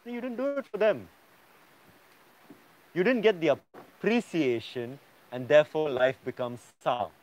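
A man's voice: on the high side, a little slow, long pauses, darkish tone, poor audio. A man teaching a yoga class, lecturing students emphatically and often checking in with "yeah?".

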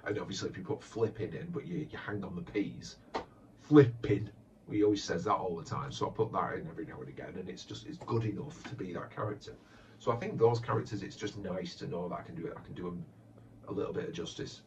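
Through a distant, muffled lo-fi mic with slight background noise, a deep-voiced, fast-talking man fields fan questions. He creates comedy voiceover parodies and chats casually but hesitantly, restarting often and using many fillers.

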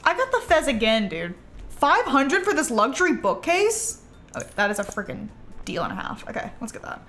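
A young woman streams a farming game with music in the background, chatting with her viewers in a bubbly, casual way full of gasps and trailing asides. Her voice is high-pitched and very animated, with a fairly bright tone and a normal speed.

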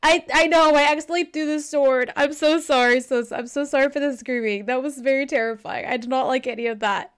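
High-voiced flustered woman streamer. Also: fairly quick, hardly any pauses. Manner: rambling, flustered, swears freely. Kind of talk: live-streamed game commentary.

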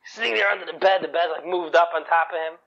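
A man telling a story in a lively, colloquial way, often chuckling at his own tale, on a dull lo-fi recording. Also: fairly high pitch, quick pace, vocal fry. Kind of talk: animated oral storytelling.

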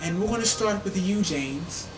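A woman playing a therapist in a comedy sketch, speaking in calm, deliberate instructions. Her voice is mid-pitched. An echoey room and clear music sit behind her. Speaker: couples therapist. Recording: roomy echo with clear music.

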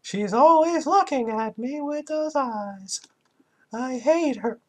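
A man voicing a timid young girl haunted by her family's secrets, in a squeaky falsetto as he reads game text aloud. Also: animated, slow, a little mellow, exaggerated voice. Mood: sulky.

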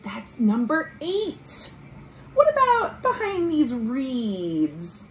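A woman librarian doing a children's storytime read-aloud at home, animated, with delighted gasps and sing-song refrains. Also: high-pitched, drawn-out words. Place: home room. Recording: roomy home recording with faint appliance hum. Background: dishwasher running.

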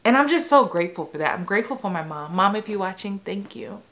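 A woman in her forties from New York, an acting coach, telling personal stories in a lively way, laughing and acting out voices from her memories. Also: medium pitch, quick pace. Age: 40s. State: a little emotional. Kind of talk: personal storytelling vlog.

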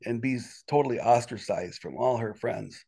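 A man telling a personal story as an interview guest in a casual, rambling way, with sudden indignant rises in his voice. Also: vocal fry. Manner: animated, quick jumps in pitch when indignant; rambling with many restarts and "you know".

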